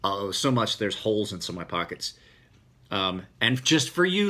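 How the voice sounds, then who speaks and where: Husky-voiced man with a country accent. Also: on the low side, moderate pace. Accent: rural American country accent. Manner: rambling, relaxed, self-correcting. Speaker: knife maker answering viewer questions. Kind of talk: casual Q&A video.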